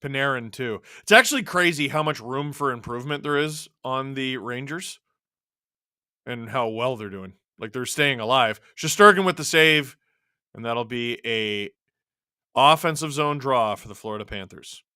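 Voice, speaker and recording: A man hosts a live stream, calling a hockey game casually and reacting to it as it unfolds. His bright, pushed-forward voice has deepened from long hours of talking. The sound is close and dry. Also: expressive, moderate pace, clear, resonant tone, no echo. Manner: chatty, reacting to the game and chat as it happens. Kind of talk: casual live play-by-play and chat.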